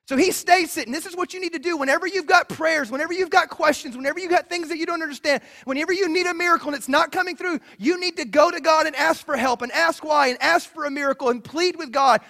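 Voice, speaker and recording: A man preaching a sermon in an energetic, conversational way, acting out quotes. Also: extremely high pitch, fast talker, few pauses. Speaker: pastor.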